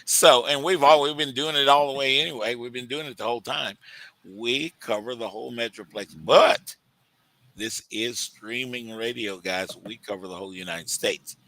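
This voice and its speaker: Bright-voiced Texan man hosting radio. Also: mid-range voice, normal speed, no room sound, low-quality recording. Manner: enthusiastic, rambling, addresses listeners as guys. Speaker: radio show host. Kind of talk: casual radio talk.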